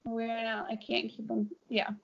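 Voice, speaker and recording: A woman's voice: a little high, completely flat delivery, moderate pace. Earnest woman chatting, lo-fi sound. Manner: open, earnest, giggly. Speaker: co-host. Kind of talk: casual heart-to-heart chat. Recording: dull lo-fi sound.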